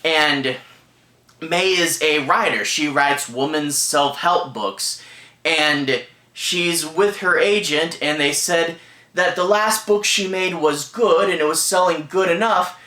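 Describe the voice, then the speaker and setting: Guy rambling thru a movie review, bright edgy voice, echoey room. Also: a little high. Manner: rambling, filler-heavy. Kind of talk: casual spoken review.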